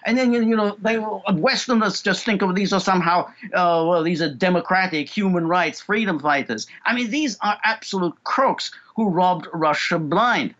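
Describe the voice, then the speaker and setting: A fairly high-voiced man answers as a guest analyst in a political interview, halting and restarting with many fillers. The sound is dull and muffled, as if from a remote feed. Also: a bit bright.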